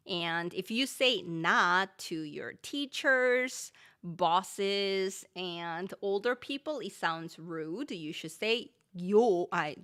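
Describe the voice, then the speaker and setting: A woman's voice: mid-range voice, bright, forceful tone. A Korean woman teaching her language on a live stream, reading viewer questions aloud and explaining patiently with a Korean accent.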